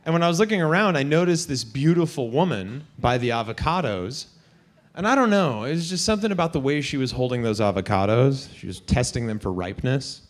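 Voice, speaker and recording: A man's voice: mid-range voice, lively intonation, fairly quick. A young man doing crude, self-mocking stand-up at an open mic, laughing at his own jokes. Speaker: stand-up comic.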